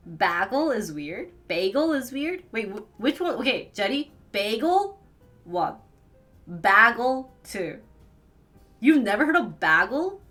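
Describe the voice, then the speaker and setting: Young woman, streamer, chatty, giggly, slow lively speech, faint background music. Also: a little high. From northern United States. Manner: chatty, giggly, fills talk with "like". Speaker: live streamer. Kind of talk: casual chat with live viewers.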